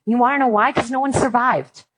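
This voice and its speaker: Woman in her thirties, husky timbre, church speaker, animated and funny storyteller. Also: on the high side, brisk, poor audio. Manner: animated storytelling with playful humor. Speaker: Christian speaker on apologetics and parenting. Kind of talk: talk to an audience.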